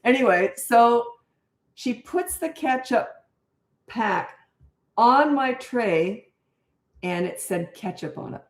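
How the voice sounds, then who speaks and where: A woman's voice: on the high side, lively intonation, slow, pauses often. Chatty Canadian woman in her sixties, echoey room. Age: 60s. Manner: chatty, laughing storyteller who drifts off topic. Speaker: parenting coach answering viewer questions. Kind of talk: casual chat with anecdotes. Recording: roomy echo.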